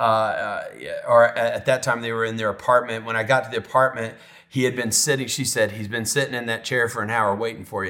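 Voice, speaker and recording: A middle-aged man preaching, a pastor sharing a personal story from the pulpit. His voice is mid-pitched and ordinary. He turns emotional and often drops to a soft, hushed delivery in the tender moments. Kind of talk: sermon storytelling.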